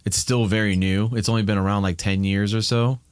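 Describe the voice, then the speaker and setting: A man from Ohio, in his thirties, talks in a candid, rambling way, often restarting his sentences. His voice sits low. The sound is dry and close. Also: fairly even intonation, a little fast, smooth, dry recording. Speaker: podcast guest. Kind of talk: casual chat.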